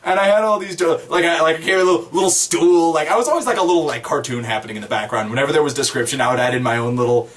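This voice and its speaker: Racing along with hardly a pause, this slightly high-voiced man tells the story of a tabletop game session. It's a loose, casual tale full of rambling, chuckles and animated energy.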